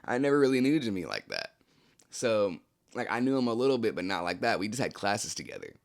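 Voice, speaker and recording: Laid-back young man with a low voice. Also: very animated, brisk, gravelly. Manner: laid-back, slangy, full of "like, you know" fillers. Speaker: channel host telling a story. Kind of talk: casual storytime narration.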